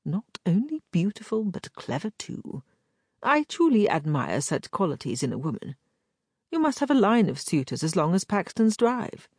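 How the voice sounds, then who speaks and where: A woman reading the part of a flattering, scheming gentleman captain in an audiobook, with polished, courtly manners. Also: lowish voice, normal speed, breathy edge, no room sound, clean studio sound, voice pushed up, full character voice. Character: charming smooth-talking gentleman captain, scheming. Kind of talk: audiobook character voice.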